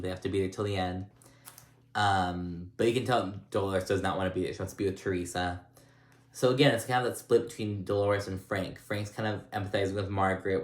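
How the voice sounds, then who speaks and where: Gossipy low-voiced man recapping TV. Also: roomy sound. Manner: gossipy, profane and animated, mimics cast members. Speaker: reality TV recap host. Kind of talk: casual recap chat.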